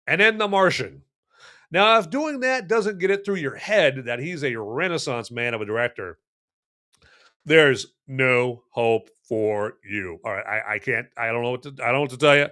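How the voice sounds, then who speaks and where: A man hosting a casual live-streamed movie review podcast, speaking playfully and straight to his viewers with many fillers and restarts. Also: mid-range voice. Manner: lots of fillers and restarts, swings between loud and hushed.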